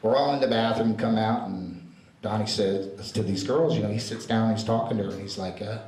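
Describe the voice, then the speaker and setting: Low-voiced man rambling through a tribute. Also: fairly quick, darkish tone. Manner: rambling storytelling with many fillers. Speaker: eulogy speaker. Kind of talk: informal spoken tribute. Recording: echoey room with faint noise.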